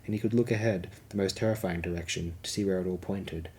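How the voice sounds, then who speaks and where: A man narrates an audiobook at a steady, measured pace. His voice is very deep, and a faint background hiss sits under the recording.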